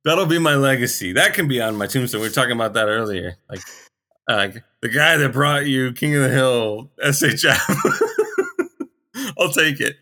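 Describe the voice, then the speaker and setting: A man's voice: mid-range voice, sing-song, normal speed, bright, forceful tone. A man chatting as a podcast guest, giggly and jokey, going off on rambling comic rants. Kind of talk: casual chat.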